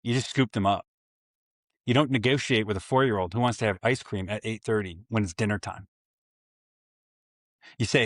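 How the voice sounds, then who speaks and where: Long pauses mark the delivery of this fortysomething man, who speaks at a normal speed in a fairly low voice. He runs a solo parenting podcast aimed at fathers, reflective and sincere with the occasional joke at his own expense, and the studio recording has no echo.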